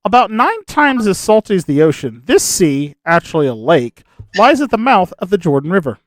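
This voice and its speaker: A man's voice: sits high, big pitch swings, normal speed, no echo, clean studio sound. A man from Nebraska hosting a casual parody quiz over a video call, reading clues with small stumbles and joking asides. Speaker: quiz show host.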